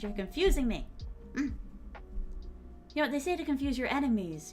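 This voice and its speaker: A woman's voice: sits high, big pitch swings, moderate pace, pauses often, a little mellow. A woman streamer musing aloud as she rewrites sentences, playful and chatty, with a slight put-on accent. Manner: muttering drafts aloud, playful. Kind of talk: casual writing stream.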